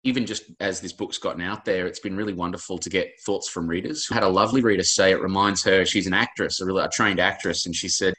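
Earnest low-voiced Australian man. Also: quick pace, hardly any pauses, pushed and bright. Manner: earnest, rambling, emotional storytelling. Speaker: author guest. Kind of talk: interview conversation.

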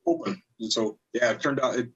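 A man's voice: mid-range voice, fairly quick, breathy edge, lo-fi sound. A middle-aged man, a cabinet designer, talking as a guest in a friendly, easygoing way with many fillers. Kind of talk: casual interview talk.

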